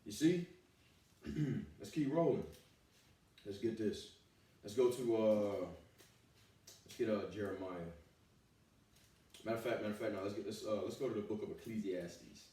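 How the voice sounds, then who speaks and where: A man's voice: lowish voice, normal speed, long pauses, mellow. A man preaching a fiery scripture sermon, cursing freely and peppering his lines with "all right" and "man.". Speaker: street preacher. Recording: echoey, from far off the mic.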